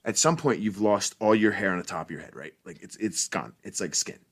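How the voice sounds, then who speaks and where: A man's voice: low voice, expressive, fairly quick, slightly rough. A man co-hosting a casual podcast, joking in a wry, rambling way. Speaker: podcast co-host. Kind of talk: casual chat.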